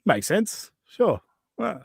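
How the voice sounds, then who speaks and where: A man's voice: high voice, big pitch swings, takes it slowly, creaky, husky, no echo. Australian man, podcast host, crude joking, dry close sound. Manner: crude, mocking, laughs often. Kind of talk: casual chat reacting to clips.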